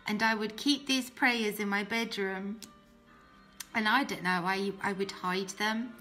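A woman's voice: medium pitch, steady tone, a little slow, bright, forceful tone, soft background music. A young woman tells her personal faith testimony in an earnest, heartfelt way, often restarting her sentences.

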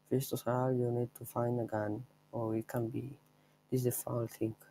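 A man's voice: mid-range voice, mellow, slight background noise, poor audio. A young man giving offhand, rambling commentary over his own gameplay, showing a trick step by step. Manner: offhand, rambling, chuckles at himself. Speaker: gameplay video maker.

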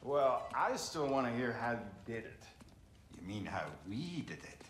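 A man's voice: mid-range voice, very animated, normal speed, echoey room, a little hiss or hum, lightly acted. An actor playing a talkative, wry older male adviser in a video game.

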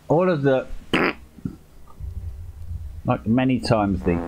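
A man's voice: low voice, moderate pace, pauses often, darkish tone, breathy edge, poor audio. A man chatting through a live game stream, joking and swearing in exasperation. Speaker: gaming streamer. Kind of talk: live-streamed gameplay chat.

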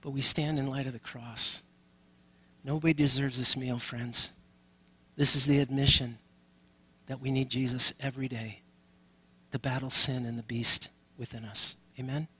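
A man's voice: medium pitch, flat delivery, moderate pace, bright, forceful tone, slightly rough. A man serving as pastor and leading a communion service, speaking earnestly and calling on the congregation directly.

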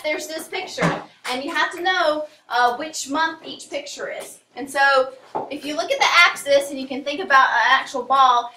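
A woman's voice: high voice, bright, forceful tone, a little hiss or hum. A woman teacher giving a casual classroom lecture, full of fillers and asides. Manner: casual, rambling, many fillers. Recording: echoey classroom from a distance.

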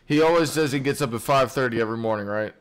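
A man's voice: mid-range voice, fast, clear, resonant tone. A man hosting a live call-in stream, talking loosely with many fillers and mumbled asides. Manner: laid-back, mumbling fillers, egging on. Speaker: stream host. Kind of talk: casual live stream chat.

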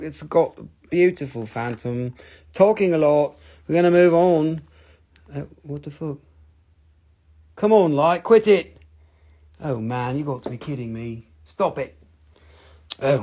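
A man's voice: mid-range voice, darkish tone. A man hosting a casual live crystal sale, joking and rambling playfully. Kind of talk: casual live sales stream.

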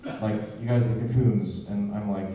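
A man's voice: on the low side, fairly even intonation, moderate pace, mellow. A man doing a stand-up comedy set, rambling and sardonic in his observations. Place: live comedy venue, indoors. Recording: echoey live room, distant mic, crowd. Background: audience laughter.

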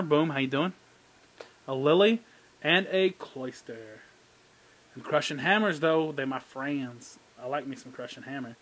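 A man giving casual, jokey commentary as he opens trading card packs, excitable and talking to his cards. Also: medium pitch, dry recording. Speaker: card collecting YouTuber. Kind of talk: casual pack-opening commentary.

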